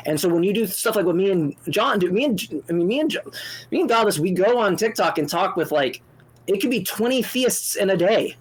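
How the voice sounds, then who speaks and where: A man co-hosting a call-in debate show, animated and exasperated, speaking in fast bursts with restarts and swearing freely. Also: high-pitched, breathy edge. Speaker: co-host answering a caller.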